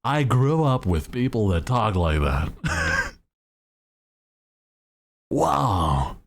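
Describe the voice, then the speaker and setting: A man's voice: medium pitch, big pitch swings, drawn-out words, vocal fry. A male streamer chatting casually in a laid-back, slangy way and laughing often.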